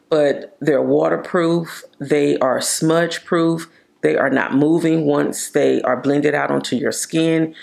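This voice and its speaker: A low, creaky, slightly mellow female voice belongs to a beauty vlogger reviewing beloved makeup products. Her delivery is casual and gushing, with drawn-out words for emphasis.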